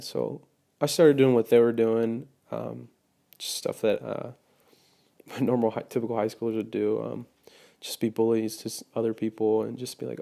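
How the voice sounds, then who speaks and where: Young guy telling his faith story, kinda gravelly low voice, lots of ums. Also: warm tone. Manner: hesitant, many fillers and restarts. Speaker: testimony speaker. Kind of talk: personal testimony.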